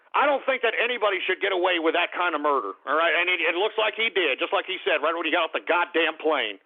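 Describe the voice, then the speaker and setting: A man hosting a call-in radio show, ranting bluntly and profanely and tagging his points with "all right?" and quick apologies. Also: sits high, gravelly, narrow, tinny audio.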